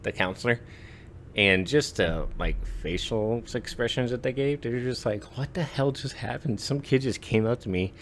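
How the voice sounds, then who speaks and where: A man's voice: medium pitch, normal speed, slight background noise. A man in his twenties telling stories on a podcast in a casual, rambling way, full of "like" and "uh". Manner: rambling, lots of "like" and "uh" fillers. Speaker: podcast storyteller. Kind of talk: casual chat.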